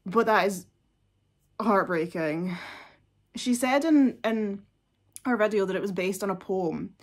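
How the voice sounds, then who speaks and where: A woman's voice: medium pitch, measured pace. A woman, chatting casually and gushingly as a music reaction vlogger, with lots of fillers.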